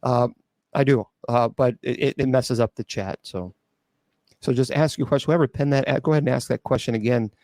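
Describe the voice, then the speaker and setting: A man's voice: medium pitch, a little fast, a little mellow, no room sound, studio quality. A celibate clergyman taking viewer questions on a livestream, blunt and sarcastic, with frequent restarts and stumbles.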